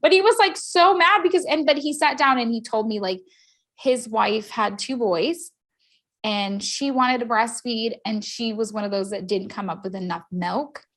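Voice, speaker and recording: High-pitched lady, casual storytelling, gets real emphatic and rambly, lots of "like". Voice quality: rambling with many "like" fillers. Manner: animated, emphatic, fast swings in loudness. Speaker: podcast co-host.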